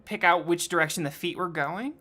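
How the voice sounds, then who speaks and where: A woman runs a tabletop game in a low voice. She narrates and calls for rolls with plenty of pauses and fillers. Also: pushed and bright. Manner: hesitant, many fillers. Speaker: game master.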